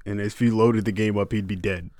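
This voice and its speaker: A man's voice: lowish voice, fairly even intonation, a little fast, a little mellow, no echo. A man hosting a podcast, chatting bluntly and jokingly about games and stumbling over repeated words. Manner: blunt, joking, stammers on restarts. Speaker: podcast host. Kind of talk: casual gaming chat.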